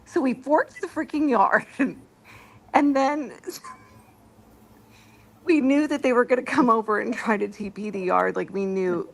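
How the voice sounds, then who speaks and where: A woman's voice: fairly high pitch, slow, creaky, pauses often. Laughing middle-aged woman telling stories. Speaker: stream host. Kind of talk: casual storytelling chat.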